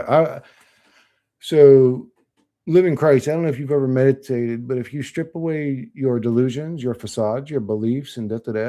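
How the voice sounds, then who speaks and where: A man's voice: medium pitch, gravelly, dark tone. A man on a livestream, reading chat comments and answering them in blunt, profane, rambling talk.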